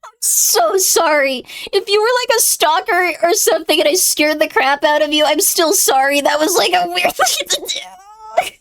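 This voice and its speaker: A woman's voice: sits high, normal speed, a bit bright. A woman streamer chatting casually, rambling and laughing through embarrassed tears. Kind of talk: casual chat.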